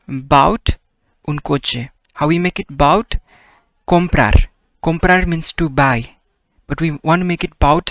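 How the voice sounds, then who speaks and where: A man's voice: on the high side, fairly bright tone, no echo. Man teaching Spanish grammar, checking in often. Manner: patient, repeats "okay?" and "right?" checks. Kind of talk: explaining grammar lesson.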